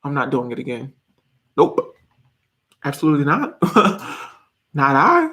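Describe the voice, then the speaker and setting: A man's voice: medium pitch, normal speed. A man in his twenties chatting casually on a live stream, reading viewer comments in a giggly, rambling way. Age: 20s.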